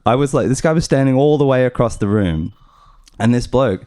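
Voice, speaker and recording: A man's voice: medium pitch, expressive, fairly quick, mellow. An Australian man from Brisbane, a musician guest telling rambling stories in casual chat, full of fillers and restarts.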